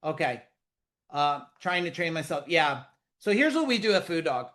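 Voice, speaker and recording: A man's voice: fairly high pitch, moderate pace. A middle-aged man hosting a live business webinar over a video call, talking casually, bluntly and profanely with lots of jokes. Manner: blunt, profane, animated and joking.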